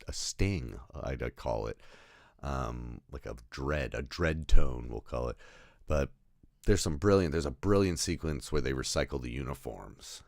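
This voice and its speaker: A man's voice: extremely low pitch, vocal fry, a little mellow, dry recording. Male film reviewer, casual and rambling, full of restarts and swearing, recorded very dry. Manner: rambling, self-interrupting, laughs at own jokes, swears.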